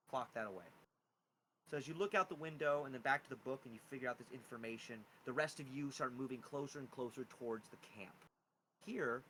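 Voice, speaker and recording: A man's voice: medium pitch, a bit bright, a little hiss or hum, rough recording. A man narrating a tabletop game as game master, describing scenes casually and humming little sound effects.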